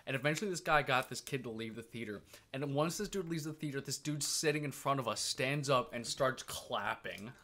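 A young man co-hosting a casual podcast, telling a story with animated, profane energy. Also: mid-range voice, a little fast, hardly any pauses. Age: young adult. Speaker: podcast co-host.

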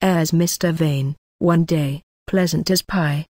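A woman's voice: deep voice, steady tone, slow, a little mellow, dry recording, studio quality. A woman voicing a drunken, self-pitying male manservant who rambles thickly in broken grammar, in a storybook reading. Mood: aggrieved.

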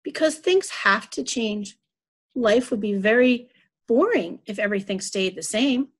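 Woman reading a grandma in a storybook: kind but firm, fairly high and soft. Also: a little slow, breathy edge. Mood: gentle, stern. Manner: calm, firm, scolding softly. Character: gentle but stern grandmother. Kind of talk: children's story read aloud.

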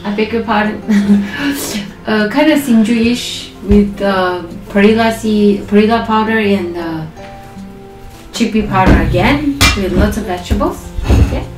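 A woman's voice: medium pitch, unhurried, a little mellow, reverberant, far from the mic, faint music behind, low-quality recording. A woman hosting a home cooking channel, walking through a recipe step by step and then chatting through a meal with her partner. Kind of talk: cooking narration and mukbang chat.

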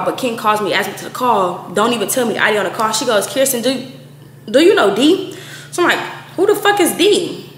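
A young woman in her twenties casually telling a profane story to camera, acting out quoted lines with big jumps in pitch. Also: a bit bright. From Texas. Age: 20s. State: out of breath at times. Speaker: storytime vlogger. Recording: echoey room with faint noise.

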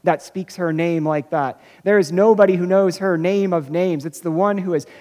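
A pastor giving an Easter sermon, who thinks aloud, restarts phrases and repeats words, and slows down to stress key points. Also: medium pitch, mellow. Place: church sanctuary. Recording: long reverb of a church hall.

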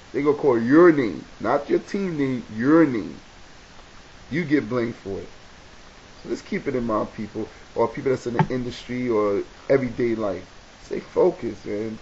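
A man with a New York accent giving a casual advice talk to camera, animated and preachy, repeating key points for emphasis. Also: mid-range voice. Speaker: video blogger. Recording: dull lo-fi webcam audio with faint hiss.

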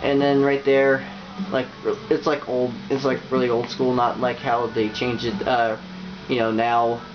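A young man giving a casual video game tutorial, rambling and halting with lots of fillers and restarts. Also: medium pitch, level tone, highs cut off, background noise. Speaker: YouTuber.

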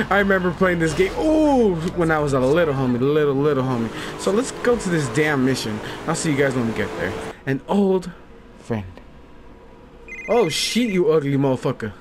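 A man's voice: fairly high pitch, very animated, moderate pace, background noise. Goofy, swearing young gamer guy. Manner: goofy, laughing, swears a lot. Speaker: let's play gamer. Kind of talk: profane gameplay commentary. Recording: game audio over game music. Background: game music.

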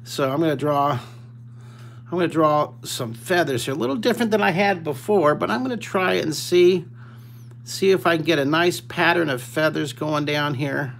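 An older man with a slightly high voice leads a live drawing lesson for kids, streamed from his webcam. He is enthusiastic and playful, talking straight to the children as he draws. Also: normal speed, vocal fry, a bit bright, slight background noise. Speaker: drawing teacher.

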